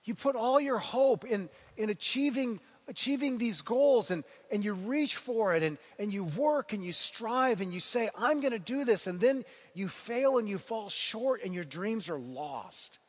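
A man's voice: high voice, expressive, unhurried, hardly any pauses, breathy edge, in a large hall. A man preaching a sermon as pastor, retelling the story earnestly and repeating key phrases for emphasis.

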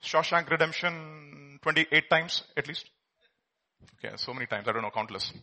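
A man preaching a sermon, telling a film story with swings from hushed to loud. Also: fairly high pitch, normal speed. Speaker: pastor.

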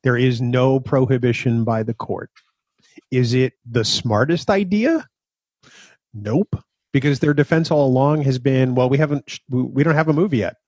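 A man co-hosting a fan podcast, measured and plain-spoken, moving between chat and sponsor notes. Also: mid-range voice, a little mellow, no room sound. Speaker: podcast co-host. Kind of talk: casual chat.

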